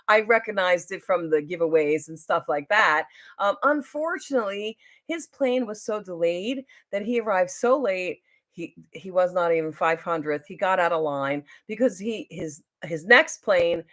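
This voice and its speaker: A middle-aged woman telling a long story on her live stream, rambling and chatty, with lots of fillers and restarts. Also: on the low side. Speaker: YouTuber hosting a live stream.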